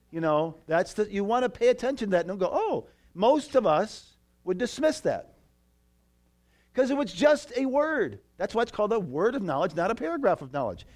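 A man preaching a sermon in a church, telling a story with lively asides to the congregation. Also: on the high side. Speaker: pastor.

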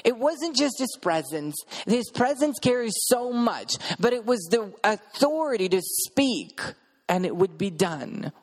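A man's voice: sits high, big pitch swings, measured pace, long reverb tail. A man preaching a sermon, earnestly telling a personal story in vivid present tense. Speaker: preacher sharing a testimony.

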